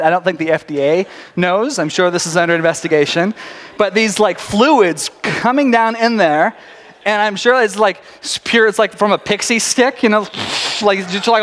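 A man with a high voice preaches a sermon, fast and conversational, breaking off his own sentences as he goes. His words ring out with the long reverb of a large church sanctuary. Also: fairly bright tone. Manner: fast, chatty and self-interrupting, often laughing. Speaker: pastor. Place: church sanctuary before a congregation.

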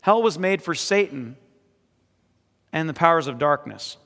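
A man preaching a sermon as pastor, moving between quiet, earnest reading and emphatic exhortation. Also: fairly high pitch, lively intonation, a little slow, vocal fry. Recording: echoey hall with long reverb.

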